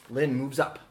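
A player in a tabletop game who talks casually and methodically counts out steps and dice aloud. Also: mid-range voice.

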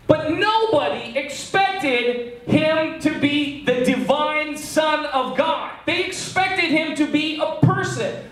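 A pastor preaches slowly to his congregation in a lively, joking sermon, often acting out the lines of people in his story. His voice sits very high for a man and rings through a large, echoey hall, picked up from some distance off the mic.

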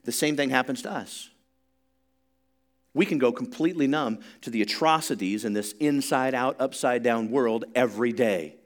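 Guy preaching a sermon, chatty teaching then gets loud and climbs way up in pitch, has the crowd repeat words back. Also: moderate pace. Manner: conversational teaching that builds to loud, high-pitched emphasis; leads the congregation in call-and-response. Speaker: pastor.

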